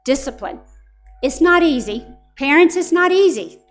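A woman's voice: sits high, lively intonation, moderate pace, soft background music. A middle-aged woman preaching a sermon to parents, telling stories in an earnest, direct way.

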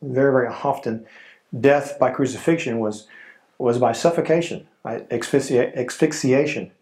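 Solemn preaching man, medium pitch. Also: a little mellow. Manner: slow, solemn preaching with dramatic pauses. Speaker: pastor. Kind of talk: sermon.

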